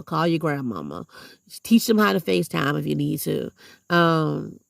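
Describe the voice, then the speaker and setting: Woman vlogger, gravelly fry, dry close sound, blunt and preachy. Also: lowish voice, dry recording. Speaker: vlogger and substitute teacher. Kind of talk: heartfelt casual vlog monologue.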